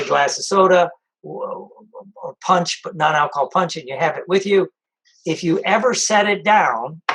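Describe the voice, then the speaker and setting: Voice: medium pitch, a bit bright, rough recording. A sobriety coach giving practical advice in a casual, conversational way, repeating the key points. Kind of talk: casual spoken advice talk.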